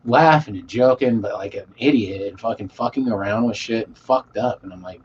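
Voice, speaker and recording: A man telling a rambling story to a live chat, swearing a lot and trailing off into quiet mumbles. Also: medium pitch, a little fast, few pauses. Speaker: streamer reading chat. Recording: dull lo-fi mic with faint hiss.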